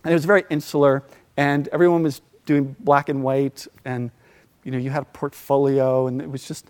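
This middle-aged man speaks in a mid-range voice at normal speed, telling a personal story casually. Along the way he acts out quoted voices and slips in laughter between lines.

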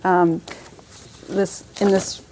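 A woman's voice: fairly low pitch, flat delivery, very slow, background noise. A woman teaching a parenting class as a meditation teacher, talking conversationally with frequent restarts and light laughs.

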